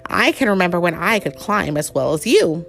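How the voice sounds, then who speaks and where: A woman's voice: fairly low pitch, animated, fairly quick, vocal fry, soft background music. A woman reading as a wise old grandpa bear. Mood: gentle.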